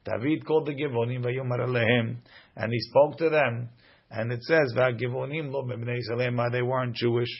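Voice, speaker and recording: A man teaching a Talmud lesson who reads each line of the text and then explains it, with a voice of ordinary pitch. The recording sounds a little dull and lo-fi. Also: fairly even intonation, fairly quick, slightly rough.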